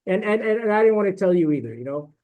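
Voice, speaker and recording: A retired military officer, middle-aged and high-voiced, tells candid stories as a podcast guest, sounding blunt, profane and indignant, with lots of fillers and "right?" tags. His delivery is expressive, fast and mellow, and the audio quality is poor.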